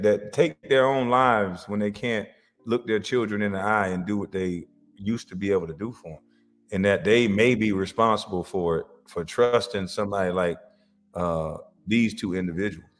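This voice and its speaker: Animated guy reacting to clips, kinda low voice, echoey hall sound. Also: moderate pace, faint music behind. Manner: animated, laughing, swings from loud to muttered. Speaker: reaction video host. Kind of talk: casual reaction commentary.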